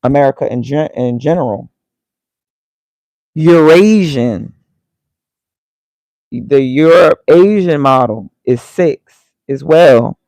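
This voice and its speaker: Gravelly man muttering to himself. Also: medium pitch, slow pace, pauses often, a little mellow, dry recording, poor audio. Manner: muttering, reads aloud and reacts to himself. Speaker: vlogger. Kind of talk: casual thinking aloud while reading.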